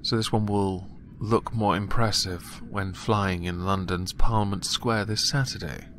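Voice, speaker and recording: This commentary vlogger has a lowish, fairly even, slightly bright voice and takes his time. He mocks news stories casually and sarcastically, chuckling at his own jokes, with a little hiss or hum in the background.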